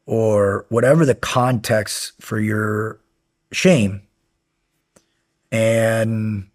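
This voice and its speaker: A middle-aged man, a podcast guest, telling long rambling stories in a casual interview and acting out the lines of people in them. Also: on the low side. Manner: rambling, animated, acts out quoted lines.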